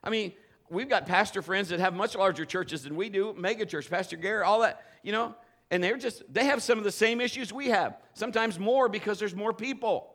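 A man pastor preaching a lively live sermon, urging his congregation to join in. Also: sits high, fairly quick. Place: church sanctuary with a congregation.

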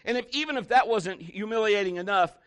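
A male pastor preaching a sermon with emphatic, animated storytelling. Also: sits high, brisk, clear, resonant tone.

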